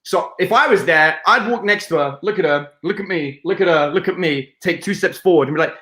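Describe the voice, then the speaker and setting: A British man speaking with a noticeably high voice tells lively stories as a dating coach. He is playful and profane, and he jumps into scenes to act them out. His voice bounces around an echoey room. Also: a little fast, hardly any pauses. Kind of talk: animated interview storytelling.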